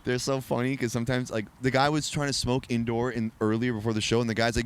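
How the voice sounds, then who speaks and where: Animated, laughing storyteller guy. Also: medium pitch, a little fast, background noise. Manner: animated, profane, laughs through his stories. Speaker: podcast guest. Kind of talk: casual storytelling chat.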